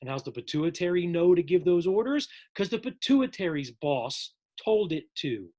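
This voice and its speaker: A man's voice: high-pitched, lively intonation, normal speed, warm tone. A man teaching a psychology lesson in a casual, jokey recorded lecture, addressing his viewers as folks.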